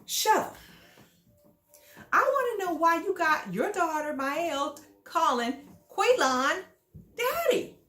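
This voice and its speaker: A woman's voice: extremely high pitch, big pitch swings, takes it slowly, long pauses, fairly bright tone. A woman giving casual reality TV commentary, sassy and scolding as she talks straight at the people she judges. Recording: echoey room.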